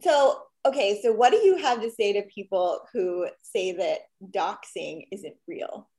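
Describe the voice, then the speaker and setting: A woman co-hosting a casual talk show, asking questions and reacting with quick agreement. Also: medium pitch. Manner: lively reactions, frequent agreeing. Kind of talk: casual podcast conversation.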